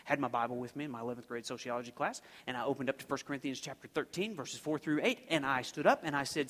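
A man's voice: medium pitch, quick pace, hardly any pauses, fairly bright tone. A man preaching a sermon, telling a story in a loose, conversational way full of restarts and fillers. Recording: long reverb of a large hall.

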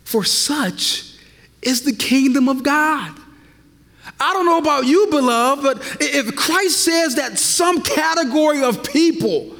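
A man preaching a sermon as pastor, swinging between loud passionate stretches and hushed, drawn-out lines. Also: very high voice, lively intonation, vocal fry. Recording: long reverb of a large hall.

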